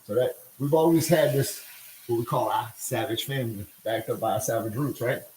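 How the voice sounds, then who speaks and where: A man's voice: mid-range voice, moderate pace, darkish tone, roomy sound, a little hiss or hum, poor audio. A middle-aged man rambling in casual livestream talk while he cooks, slangy and laughing often. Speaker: livestream host.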